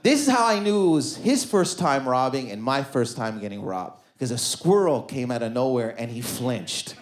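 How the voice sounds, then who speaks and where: A male stand-up comedian telling stories on stage, swinging between loud bursts and low mutters, acting out quoted lines and leaning on "you know what I mean". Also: very animated, normal speed. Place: comedy club stage with audience laughter.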